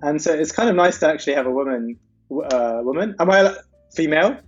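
A man hosting a podcast, chatting casually in a halting, self-mocking way. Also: fairly high pitch. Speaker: podcast host. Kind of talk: casual chat. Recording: dull, husky audio with faint music.

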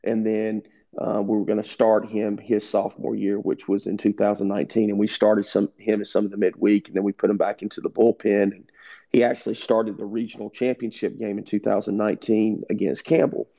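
A man's voice: on the low side, fairly quick, creaky. A middle-aged man, a head baseball coach, telling stories in an interview and acting out the quoted dialogue. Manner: animated storyteller who acts out quoted dialogue. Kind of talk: interview storytelling. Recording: dull lo-fi sound.

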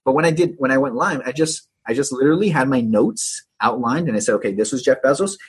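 A man's voice: medium pitch, fast talker, slightly rough. A man being interviewed as a digital agency coach, talking with energy and often tagging his sentences with "right?". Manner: energetic, tags many phrases with "right?". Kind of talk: casual interview talk.

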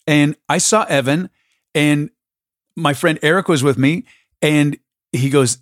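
A man's voice: a little high, unhurried, pauses often, dry recording, clean studio sound. A man hosting a podcast, telling a story in a casual, enthusiastic way. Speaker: podcast host. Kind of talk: casual conversation.

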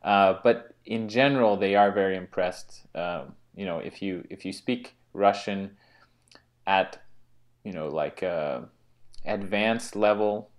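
An American man co-hosting a casual chat, talking in a halting way as he searches for his words. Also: low voice. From United States. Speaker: co-host.

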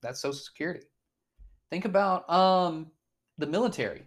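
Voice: medium pitch, lively intonation, moderate pace. Chatty, swearing podcast host. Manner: chatty, swears, laughs often. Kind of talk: casual chat.

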